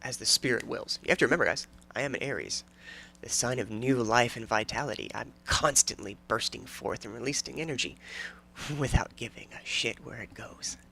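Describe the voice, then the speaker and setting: A man's voice: mid-range voice, normal speed, creaky, pushed and bright, a little hiss or hum. A man in his thirties hosting a casual solo podcast, rambling, joking and often restarting his sentences. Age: 30s. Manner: rambling, self-interrupting and jokey. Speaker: podcast host.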